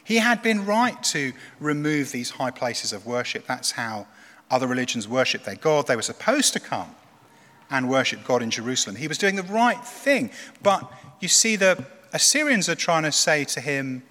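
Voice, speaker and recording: Animated man preaching a sermon. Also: mid-range voice, moderate pace, long reverb tail. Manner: animated storytelling, conversational. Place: church.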